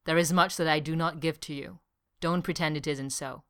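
Woman voicing a brooding man, hoarse, slow, subdued, quiet, very low pitch. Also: fairly even intonation. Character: adult man, quiet and brooding, wounded soldier.

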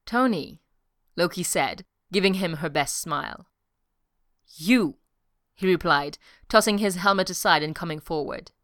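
Smooth low-voiced woman narrating. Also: normal speed, few pauses, a bit bright, no room sound, clean studio sound. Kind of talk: audiobook narration of fan fiction.

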